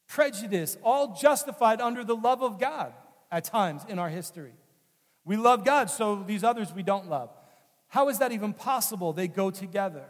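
A high-voiced male pastor preaches in an earnest, conversational way and leans on repeated phrases. His voice carries a long hall reverb. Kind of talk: sermon.

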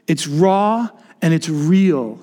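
A man delivers a passionate sermon in a fairly high voice. He swings between fervent declarations and hushed, low emphasis. The sound carries a long hall reverb. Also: expressive, slow pace. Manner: impassioned preaching, drops to soft low tones for emphasis. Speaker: pastor.

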